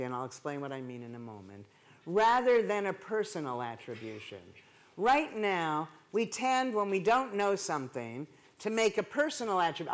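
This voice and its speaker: A woman giving a conversational lecture as a keynote speaker at a conference, animated and dropping rhetorical asides to the audience. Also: fairly low pitch. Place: conference hall.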